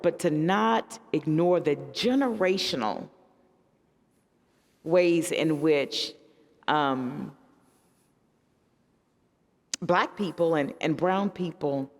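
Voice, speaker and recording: Animated woman pastor in an echoey hall. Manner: animated storyteller with emphatic pitch swings. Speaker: pastor on a discussion panel. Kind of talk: panel discussion.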